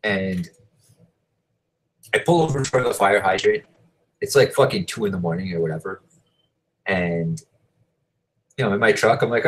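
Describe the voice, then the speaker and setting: A man's voice: sits low, normal speed, long pauses, a bit bright, low-quality recording. A man hosting a show, telling a story in a casual, rambling way, swearing often and filling gaps with "like" and "you know". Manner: profane, rambling, heavy fillers. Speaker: show host.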